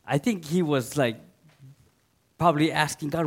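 A man preaching a sermon in an earnest way, rising to loud emphatic readings and dropping to soft asides. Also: fairly high pitch, normal speed, pauses often, husky.

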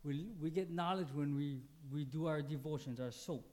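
A man's voice: moderate pace, a little mellow. A man, a pastor, preaching a conversational sermon, asking the congregation questions and acting out little quoted exchanges with sudden jumps in his voice. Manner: dynamic, acts out quotes with big pitch jumps.

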